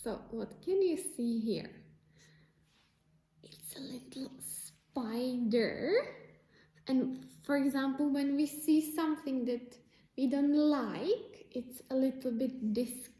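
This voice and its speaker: A woman teacher giving an English lesson to young children in slow, simple phrasing. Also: high voice, dark tone, reverberant.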